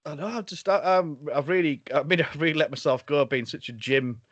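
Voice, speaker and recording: A man's voice: fairly high pitch, a little fast, fairly bright tone, no echo. A man hosting a podcast over a video call, chatting casually, laughing often and tripping over his words. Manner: jokey, laughs often, restarts a lot. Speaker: podcast host. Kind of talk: casual chat. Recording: dry, slightly dull audio.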